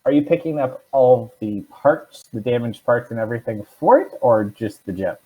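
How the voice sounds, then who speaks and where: A man's voice: medium pitch, normal speed, slightly rough. A man as dungeon master, narrating a tabletop game and asking the players questions, thinking aloud with fillers. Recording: dull lo-fi stream audio.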